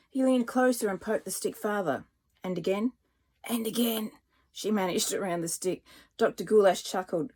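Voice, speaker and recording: Expressive woman reading her storybook. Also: medium pitch, moderate pace. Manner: expressive, lively narration. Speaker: children's author reading her book.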